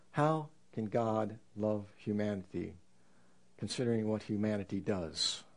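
A man preaching a sermon in an earnest, reflective way, slowing down to stress scripture. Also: on the low side, darkish tone. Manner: earnest, reflective, with slow emphatic scripture quotes.

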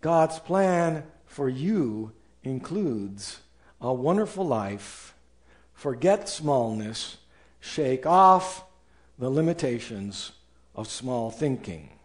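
A man's voice: medium pitch, very animated, drawn-out words. A man preaching a sermon as pastor, acting out doubters and angry people in quoted voices.

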